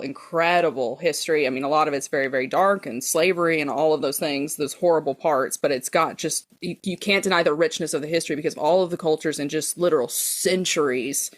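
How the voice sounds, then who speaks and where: A woman's voice: low voice, a little fast, hardly any pauses. Giggly woman hosting a podcast. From Tennessee, American South. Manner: bubbly, giggly, repeats words for emphasis. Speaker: podcast host. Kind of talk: casual chat.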